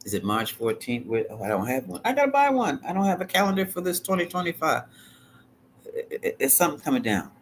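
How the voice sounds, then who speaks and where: A man gives a live tarot reading with a lively, swooping delivery and a sassy, colloquial edge. He sits at a middling pitch and now and then sinks into a hushed, whispered aside for effect. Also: fairly quick, slight background noise. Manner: animated, dramatic, drops into whispered asides. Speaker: tarot reader.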